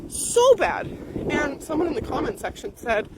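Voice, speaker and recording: Furious swearing woman over loud wind noise. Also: high voice, wildly swooping pitch, normal speed. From Canada. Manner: heated, swearing, sarcastic mock voices. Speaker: ranting vlogger. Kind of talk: angry profane rant.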